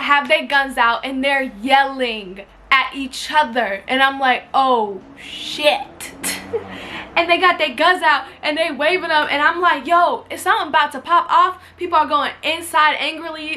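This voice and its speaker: A woman telling a story to camera at home, talking casually with lots of slang and swearing, acting out what people said. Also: high voice. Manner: animated, slangy, swears freely, acts out quotes. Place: indoors at home near a window.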